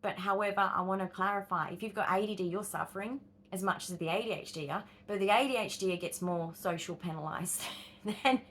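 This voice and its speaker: An Australian woman in her fifties vlogs straight to camera in a mid-range, slightly bright voice. She addresses her viewers directly and acts out inner voices with exclamations and sighs.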